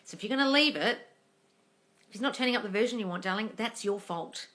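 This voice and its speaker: Bright-voiced woman swearing through a live Q&A. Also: medium pitch, fast. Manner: blunt, swears freely, calls viewers darling. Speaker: manifesting coach answering live questions. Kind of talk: casual live-stream Q&A reading comments.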